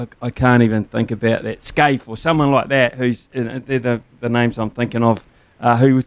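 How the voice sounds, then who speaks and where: A man's voice: medium pitch, clean tone, dry recording. A man hosting a sports radio show in a studio, rambling and hesitant with lots of fillers and blunt exclamations. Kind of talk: casual radio sports chat. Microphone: studio microphone.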